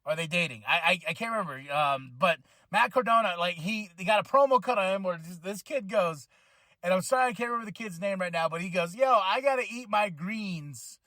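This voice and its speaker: An excitable man riffs on his own podcast, voice sitting high for a man. He rambles, trips over his words and restarts, then breaks into laughter or a shouted exclamation. The sound is dry and close, with no room around it. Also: dry recording. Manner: excitable, rambling, quick restarts and self-corrections. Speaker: wrestling podcast host. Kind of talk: casual solo podcast chat.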